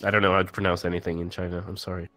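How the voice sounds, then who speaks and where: A man playing a multiplayer strategy game over voice chat, making low-key, mumbled asides and dry remarks. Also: little pitch movement, very fast, fairly bright tone, no echo, soft background music. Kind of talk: casual multiplayer gaming chat.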